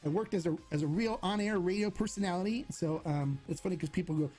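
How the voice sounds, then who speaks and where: A man's voice: high-pitched, fast, few pauses, darkish tone, faint music behind. A middle-aged man hosting a casual livestream Q&A, talking in a chatty, rambling way with many restarts. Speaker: host of a tequila channel.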